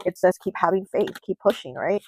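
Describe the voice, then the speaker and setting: A woman's voice: lowish voice, brisk, very noisy. A woman reading tarot cards in a casual way and retelling a story loosely, with many fillers. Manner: chatty, loose retelling full of "like" and "you know". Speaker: tarot reader.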